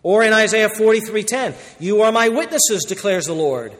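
A man preaching a sermon as pastor, emphatic, moving between loud declarations and quiet asides. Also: high-pitched, lively intonation, normal speed, big-room sound.

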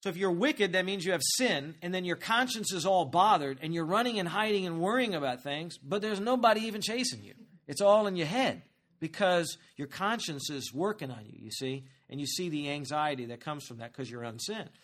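A pastor with a voice that sits high preaches a sermon fairly quickly, speaking to the congregation in a conversational, animated way and asking them questions.

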